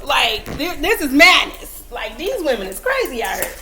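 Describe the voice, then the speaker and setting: A young adult woman vlogger with a high, bright, forceful voice and big pitch swings talks at a moderate pace, with a little hiss or hum. She gives casual, emphatic advice to camera, repeating her points and making self-talk asides.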